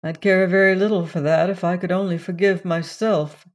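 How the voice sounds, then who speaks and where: A narrator voicing a blunt, tired young woman who answers her family in a flat, mechanical way. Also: mid-range voice, moderate pace, natural voice. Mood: weary, blunt.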